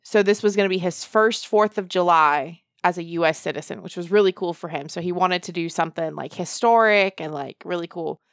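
A woman's voice: on the low side, dry recording, clean studio sound. A woman co-hosting a podcast, chatting playfully and teasing her co-host. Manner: playful, teasing, quick to laugh. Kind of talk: casual chat.

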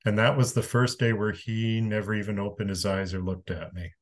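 Interview guest: low-voiced Canadian man, frank storyteller, casual swearing, calm to emphatic. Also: a little fast. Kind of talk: candid conversational storytelling.

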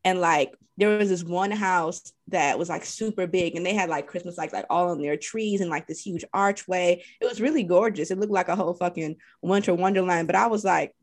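A woman's voice: fairly low pitch, fairly quick, few pauses. A woman hosting a podcast, telling stories in a chatty, rambling way. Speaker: podcast host. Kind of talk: casual chat.

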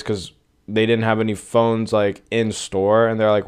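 A man's voice: on the low side, level tone, a little slow, clear, resonant tone. A young man hosting a casual solo podcast, ranting in an exasperated, profane way. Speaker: podcast host.

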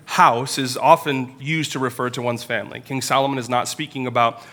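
Pastor guy in his 30s preaching, bright clear voice, earnest and confessional, takes pauses. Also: mid-range voice, fairly even intonation. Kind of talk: sermon. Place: church.

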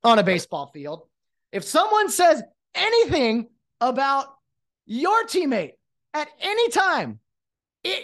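A man in his late thirties, a podcast host who used to umpire, rants in exasperation through a solo monologue and keeps restarting his sentences. His voice is very high with huge swings in pitch, a fairly bright tone, and a slightly slow pace.

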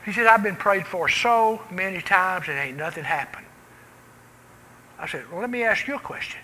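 A man preaching a sermon in a church, swinging from loud cries down to hushed, quiet lines. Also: high voice, moderate pace, poor audio.

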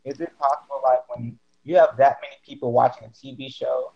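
A man's voice: medium pitch, fairly even intonation, vocal fry, breathy edge. A man chatting casually in a group call, rambling and restarting his sentences often. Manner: rambling, halting, many restarts. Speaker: podcast participant. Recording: muffled lo-fi mic.

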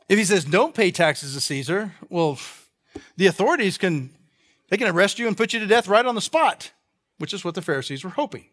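A man preaches a sermon in a high voice that swings widely in pitch. He reads scripture, then unpacks it in plain, chatty talk, often restarting his sentences. Now and then he acts out the people in the story. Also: fast. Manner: animated, acts out the quoted people in the stories; conversational, with repeated restarts. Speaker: pastor.

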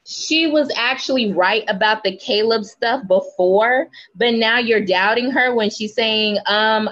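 Woman podcast co-host, unhurried delivery, emphatic profane rant, dull lo-fi sound. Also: on the high side, a bit bright. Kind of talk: casual podcast chat.

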